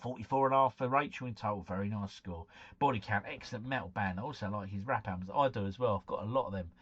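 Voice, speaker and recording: A man's voice: fairly low pitch, quick pace, a bit bright, breathy edge, lo-fi sound. A man hosting a casual live stream, chatting to viewers, reading out quiz scores and breaking into bits of song.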